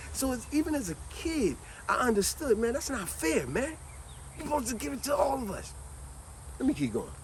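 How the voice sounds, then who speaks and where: A man telling a childhood story in a casual, animated way, acting out the people he quotes and often saying "man". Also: a little high, a little hiss or hum. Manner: animated, acts out quoted voices, repeats "man".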